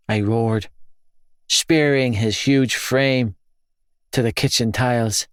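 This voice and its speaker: A man narrating a first-person audiobook in a grave, measured, intense manner. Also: medium pitch, fairly even intonation, clean tone, dry recording, clean studio sound.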